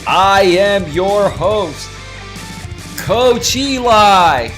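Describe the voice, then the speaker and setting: A man doing his old show intro in a booming, drawn-out announcer voice. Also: sing-song, a bit bright, soft background music, exaggerated voice. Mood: hyped. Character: hyped male radio-style announcer introducing himself. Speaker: host.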